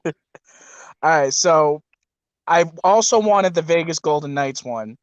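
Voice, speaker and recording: Profane, animated man, slightly high, on a muffled remote line. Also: slow pace, clear, resonant tone, no room sound. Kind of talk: casual chat.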